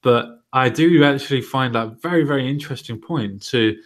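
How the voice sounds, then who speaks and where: A man's voice: medium pitch, normal speed. A man hosting a casual political podcast, talking loosely and mocking what others said. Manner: conversational, mocking quotes. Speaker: podcast host.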